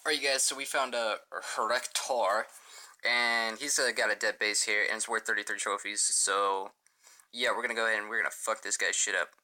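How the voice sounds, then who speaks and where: A man's voice: fairly low pitch, steady tone, fairly quick, pushed and bright. A young man rambling profanely through a casual storytime as a gaming channel host, full of filler words.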